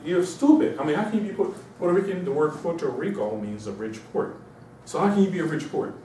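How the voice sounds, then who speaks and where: A man from Mauritania giving an informal, animated lecture to a small audience, repeating himself and slipping into mocking voices. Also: fairly high pitch, fast talker, slight background noise. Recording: echoey room, distant mic.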